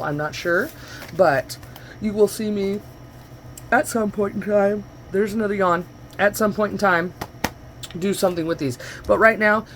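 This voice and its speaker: A woman vlogger with a lowish voice chats through a crafting demo in her home studio, rambling and correcting herself along the way. The camera's own microphone picks her up, with slight background noise.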